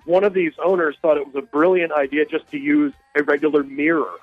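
A man's voice: fairly high pitch, little pitch movement, a little fast, no echo, soft background music. A male caller telling a long story on a radio call-in show, rambling and hesitant with many fillers. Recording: dull, dry phone line.

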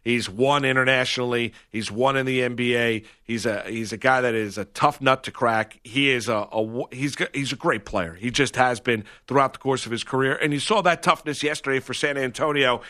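Bright-voiced male sports radio host. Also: medium pitch. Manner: measured, upbeat, dry asides. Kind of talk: sports radio talk and live reads.

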